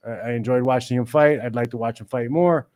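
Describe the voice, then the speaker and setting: A man's voice: medium pitch, fairly even intonation, a little fast, darkish tone. A man hosting a show, giving a blunt, exasperated commentary rant. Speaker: show host.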